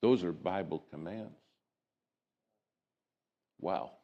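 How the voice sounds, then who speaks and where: A man preaching a sermon, telling a personal story in a folksy, dramatic way that swings from soft hushes to lively rises. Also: low voice, drawn-out words, dull audio. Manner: folksy and conversational.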